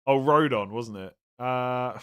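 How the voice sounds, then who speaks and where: This tired streamer from England talks slowly and smoothly in a mid-range voice while reading and responding to viewer questions. He yawns, rambles, cuts himself off and keeps things chatty and loose.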